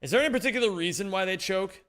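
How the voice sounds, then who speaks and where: A man's voice: high-pitched, very fast, background noise. A young man livestreaming, chatting casually with his viewers in a rambling, jokey way. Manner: animated, rambling, jokey banter. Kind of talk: casual chat with viewers during a gaming stream.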